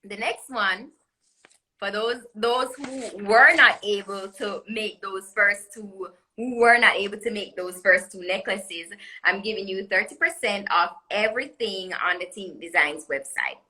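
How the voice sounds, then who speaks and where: Caribbean woman designer, bright crisp tone, chatty and promotional, live stream call audio. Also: medium pitch, unhurried, low-quality recording. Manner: chatty, laughs often, promotional. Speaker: jewelry designer guest. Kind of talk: live social media interview. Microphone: phone or webcam on live video call.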